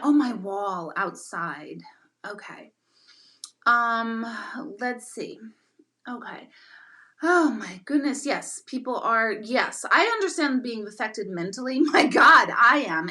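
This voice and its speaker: Middle-aged woman, live-stream rant, emphatic and self-mocking, bright voice that jumps around. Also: fairly high pitch. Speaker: intuitive and meditation teacher hosting a live stream.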